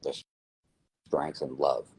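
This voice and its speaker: Husky low-voiced New Jersey man. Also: slow pace, low-quality recording. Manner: animated, repeats phrases for emphasis. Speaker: lottery winner guest. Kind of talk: casual interview storytelling.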